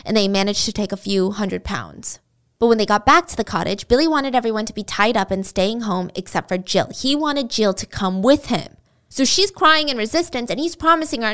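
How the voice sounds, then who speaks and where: Chatty woman telling a true-crime story. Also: medium pitch. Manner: chatty, dramatic retelling with asides.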